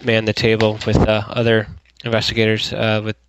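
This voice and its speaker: A man from Canada speaking as a guest on a radio interview, halting with many ums and restarts. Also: fairly low pitch, completely flat delivery, dull audio, background noise. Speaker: guest UFO investigator. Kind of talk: phone-in interview.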